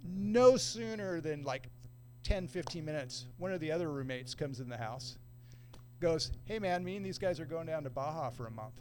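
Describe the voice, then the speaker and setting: A middle-aged man telling a long story in a relaxed, casual way, using surfer slang and acting out other people's quoted lines. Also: on the high side, moderate pace, slight background noise. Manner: laid-back surfer talk, acts out quoted voices. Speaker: podcast guest.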